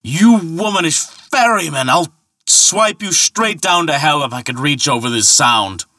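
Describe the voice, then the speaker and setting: Man voicing a blustering thunder god, raised pitch, loud indignant boasting, bright tone, dry sound. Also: lively intonation, measured pace, dry recording. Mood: boastful. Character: boastful hot-tempered male thunder god.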